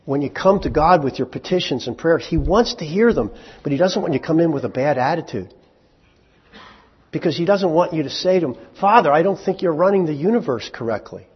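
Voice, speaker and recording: This man speaks with a slightly rough, expressive voice on the higher side, preaching a sermon in a large hall. He keeps it conversational, quizzing the congregation and acting out quick bits of dialogue in different voices, all captured in a muffled lo-fi recording.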